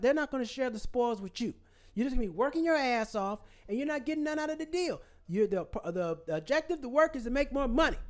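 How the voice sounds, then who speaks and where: A man hosting his own channel, ranting in a fired-up, preachy way and repeating phrases for emphasis. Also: very high voice. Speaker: channel host. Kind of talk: ranting commentary vlog.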